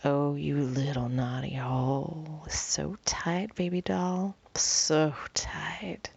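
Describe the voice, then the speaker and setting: A woman puts on a commanding male lover in whispered role-play, dropping her voice low into a teasing, controlling murmur. The whisper is husky and a little gravelly. The recording is dry and slightly dull, as if from a modest home mic. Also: little pitch movement, slow pace, a little mellow, no echo, full character voice. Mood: soothing.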